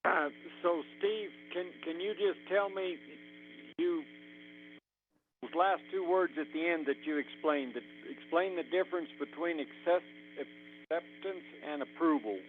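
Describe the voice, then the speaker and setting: A man's voice: fairly high pitch, measured pace. Meeting attendee, male, hesitant questioner, thin phone-like line, faint hiss. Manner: hesitant, stumbling.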